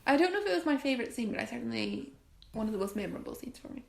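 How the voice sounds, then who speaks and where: Giggly woman with a creaky voice. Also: a little high, animated, racing, reverberant. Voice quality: chatty, giggly, trails off mid-sentence. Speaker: podcast co-host. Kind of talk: casual chat about a film.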